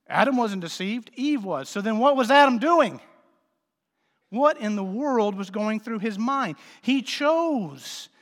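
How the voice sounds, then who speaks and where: A male pastor delivers a sermon with a notably high-pitched voice, casual and joking between forceful swells of emphasis. The sound rings with a long hall reverb. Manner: conversational, joking preacher with sudden emphatic swells.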